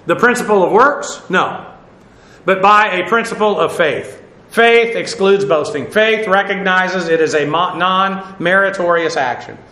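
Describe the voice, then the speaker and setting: A man's voice: high-pitched, a little slow, bright, forceful tone, roomy sound. A man giving a verse-by-verse Bible lesson, talking conversationally with fillers and asides while he stands before a seated audience. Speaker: Bible teacher.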